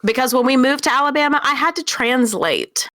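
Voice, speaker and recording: A woman's voice: high voice, animated, brisk, fairly bright tone, dry recording. A woman from Texas co-hosting a podcast, telling stories animatedly and swearing freely in casual chat. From Southern US, Texas. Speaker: podcast co-host.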